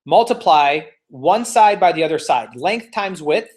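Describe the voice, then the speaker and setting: A man's voice: a little high, animated, measured pace, a little mellow. A man teaching a live online real estate exam class, playful and teasing, walking students step by step and cheering them on.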